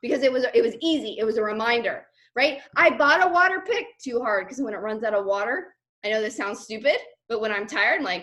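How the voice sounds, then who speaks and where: A woman leading a team call, talking in a chatty, animated way with lots of fillers. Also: on the high side, fast, few pauses. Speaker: team leader on a sales call. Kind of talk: motivational team call talk.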